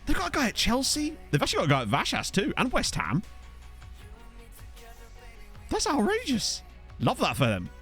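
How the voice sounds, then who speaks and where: A man's voice: high-pitched, wildly swooping pitch, quick pace, few pauses, fairly bright tone, faint music behind. A man casually commentating a football management game on stream, chatting with viewers and laughing often. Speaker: gaming streamer. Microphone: USB desk microphone.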